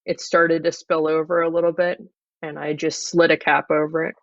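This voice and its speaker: A performer doing an improvised in-character interview in a flat, deadpan way. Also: medium pitch, normal speed, gravelly, no room sound. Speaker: improv comedy guest. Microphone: video call. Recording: dull lo-fi video call audio.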